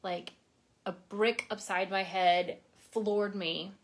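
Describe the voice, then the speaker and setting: A woman hosting a worship livestream, reading a devotional aloud and chatting casually, her voice soft and sometimes dropping to a whisper. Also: mid-range voice, fairly even intonation, slow. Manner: soft-spoken, drops to whispers on phrase ends; chatty, reads viewer comments aloud. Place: home livestream.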